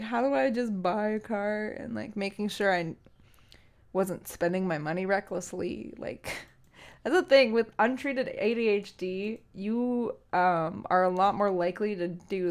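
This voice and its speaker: A young woman who streams and sings chats casually with her viewers, getting emotional and teary and rambling with lots of fillers. Her voice is medium-pitched with a clean tone.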